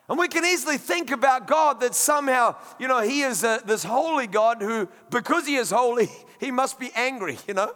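A pastor preaching a sermon in a conversational, emphatic way, with friendly asides. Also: male voice, extremely high pitch, normal speed, fairly bright tone, big-room sound.

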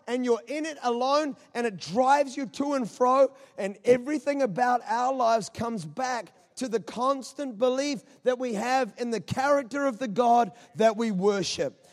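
A man preaching a sermon as pastor, impassioned and full of rhetorical questions, repeating phrases for emphasis. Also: very high-pitched. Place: auditorium. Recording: long reverb of a large auditorium.

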